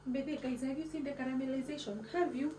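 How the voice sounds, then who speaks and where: A woman with a fairly high, warm voice talks fast and playfully while hosting a laid-back cooking vlog, dropping words into her English. She's recorded from a distance in an echoey kitchen, and background noise is clearly audible.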